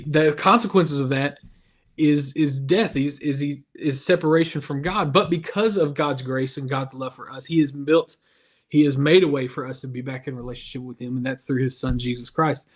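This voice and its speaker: A man hosting a casual youth devotional over a video call, chatty and self-deprecating. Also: fairly high pitch. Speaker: youth ministry devotional host.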